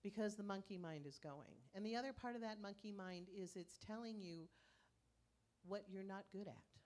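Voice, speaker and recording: A woman's voice: mid-range voice, normal speed, darkish tone. A woman minister giving a conversational sermon in a church, telling stories and acting out inner voices. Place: church sanctuary.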